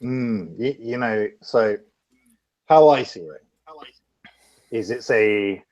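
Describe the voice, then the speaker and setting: A man's voice: on the low side, takes it slowly, darkish tone, muffled recording. A man appearing as a guest on a casual podcast, talking in a rambling, profane way and thinking aloud.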